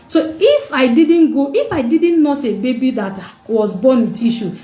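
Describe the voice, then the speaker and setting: A woman's voice: high voice, very animated, normal speed, mellow. Emotional woman giving a testimony. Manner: emotional, repeats phrases for emphasis. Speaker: mother sharing her testimony. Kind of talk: personal testimony talk. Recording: echoey room.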